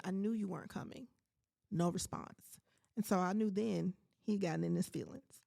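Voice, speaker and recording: A woman in her forties hosting a podcast, telling a personal story in a casual, animated and emphatic way, talking straight to her listeners. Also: lowish voice, creaky, slightly rough. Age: 40s. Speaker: podcast host.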